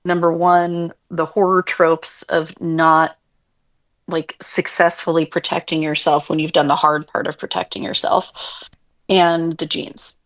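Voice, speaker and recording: A woman co-hosting a podcast, with a somewhat low voice. She talks in a chatty, casual way, full of "like" and "um", and pokes fun at herself. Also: level tone, a little slow, a bit bright. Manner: chatty, filler-heavy, self-deprecating. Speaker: podcast co-host. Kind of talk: casual chat.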